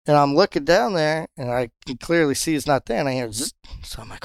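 A man who captains a charter fishing boat, telling fishing stories in a casual interview and jumping into high voices when he quotes others. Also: brisk, dry recording, clean studio sound. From Pompano, Florida. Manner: animated storyteller, jumps high when quoting others.

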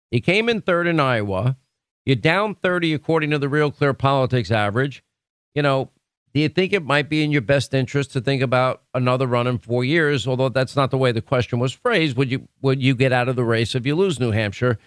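A man's voice: mid-range voice, fairly bright tone, no room sound. Guy doing a talk radio rant, dry close studio mic, casual and pushy, keeps restarting sentences. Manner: conversational, emphatic, self-correcting. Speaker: radio talk show host. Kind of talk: opinionated talk radio monologue. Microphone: studio microphone.

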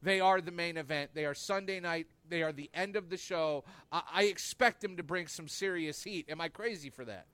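High-voiced man, dry close sound. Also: normal speed, few pauses, a bit bright, clean tone, no room sound. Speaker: podcast co-host. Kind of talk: casual wrestling talk.

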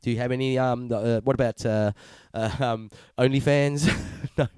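A man's voice: medium pitch, steady tone, moderate pace, a little mellow, clear, resonant tone, dry recording. A man hosting a podcast interview, chatting in a matey, rambling way with lots of swearing and fillers. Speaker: podcast host. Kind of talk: casual chat.

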